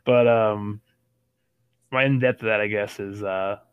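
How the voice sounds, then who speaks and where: A man's voice: fairly low pitch, steady tone, unhurried, smooth, dry recording, narrow, tinny audio. A man in his thirties co-hosting a casual sports podcast, telling a long story with lots of fillers. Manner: rambling storyteller with many fillers. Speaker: podcast co-host.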